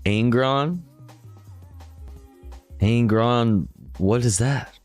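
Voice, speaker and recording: A man's voice: medium pitch, very slow, darkish tone, faint music behind. A man chatting casually and crudely with viewers on a livestream while he reacts to clips.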